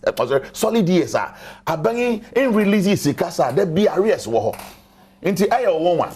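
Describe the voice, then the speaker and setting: A man's voice: sits high, big pitch swings, moderate pace, darkish tone, slightly rough. A man arguing emphatically as a panelist on a TV studio talk show, repeating his points. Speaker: political panelist. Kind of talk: heated studio debate.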